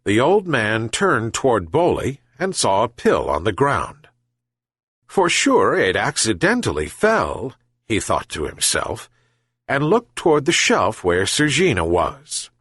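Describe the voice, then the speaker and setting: A male storyteller reads a children's fable at an unhurried pace. His slightly husky voice rises and falls in wide, lively sweeps. The recording is close and dry. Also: on the low side, no room sound. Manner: slow and expressive. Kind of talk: storybook narration.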